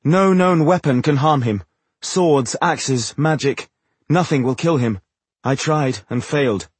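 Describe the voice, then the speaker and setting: A man voicing a stern, commanding woman mage in an audiobook, speaking grimly and forcefully. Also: a little high, measured pace, slightly rough, no echo, voice pushed up. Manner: grim, clipped, forceful.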